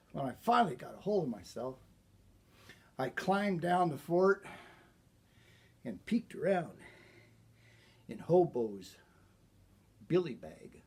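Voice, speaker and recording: A man recounts a boyhood tale in a slow, folksy storytelling manner. His voice is a little husky, and it rises and falls expressively from line to line. Now and then he stops to clear his throat. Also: fairly high pitch, big pitch swings, a little mellow. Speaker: author telling a childhood story. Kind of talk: personal storytelling.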